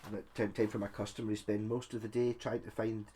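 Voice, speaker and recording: A man's voice: lowish voice, flat delivery, fast talker, dark tone, a little hiss or hum. Chatty man tinkering aloud. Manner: chatty and self-mocking, talks while working with his hands. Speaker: guitar tinkerer, video maker. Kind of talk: casual thinking-aloud commentary while working.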